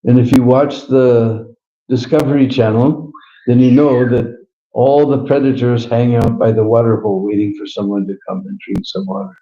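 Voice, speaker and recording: A man gives a devotional storytelling talk in a very dark, mellow voice, chatty and full of little chuckles and "hmm?" asides. The sound is roomy, and the live recording is a bit dull. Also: medium pitch, normal speed. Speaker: devotional speaker.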